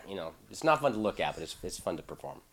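Playful middle-aged voice actor, very lively. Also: male voice, sits low, fast, creaky. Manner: playful, joking, breaks into laughs. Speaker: voice actor being interviewed. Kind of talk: casual interview chat.

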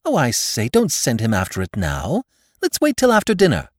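A man voicing a cheerful, frivolous young gentleman in an audiobook. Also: mid-range voice, wildly swooping pitch, moderate pace, no echo, studio quality, pitched above the performer's own voice. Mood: jaunty. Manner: jaunty, laughing.

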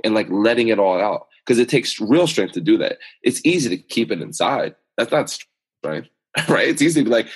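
A man's voice: lowish voice, animated, normal speed, breathy edge. A man speaking as an interview guest, talking in an earnest, emphatic, motivational way as he tells personal stories. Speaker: guest, author and speaker on self-awareness. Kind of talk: podcast interview conversation.

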